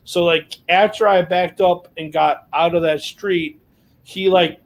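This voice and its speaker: A man recounts a road mishap in relaxed podcast chat. His voice sits a little high for a man. He rambles, swears freely and leans on fillers. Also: unhurried. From United States. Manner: rambling, profane, full of fillers. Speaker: podcast co-host. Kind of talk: casual storytelling chat.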